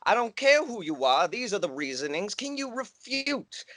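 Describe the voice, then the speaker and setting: With a high, sing-song, somewhat bright voice at a moderate pace, a man portrays a gun-loving Southern job applicant who rambles in a comedy sketch. He speaks over a video call in a Southern US accent with strangely formal phrasing, and there's no echo.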